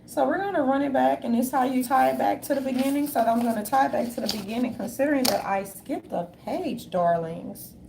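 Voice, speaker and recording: A woman in a casual monologue, reading from notes in a sassy manner and calling listeners darlings, with a gravelly voice. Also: sits high, fairly quick, few pauses, noisy background.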